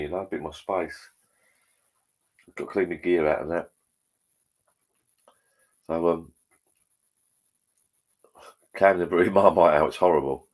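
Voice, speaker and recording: A man hosting a relaxed livestream, chatting to viewers in a rambling, matey way over drinks at home. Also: low voice. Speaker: livestream host. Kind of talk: casual chat with viewers while drinking. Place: at home, indoors.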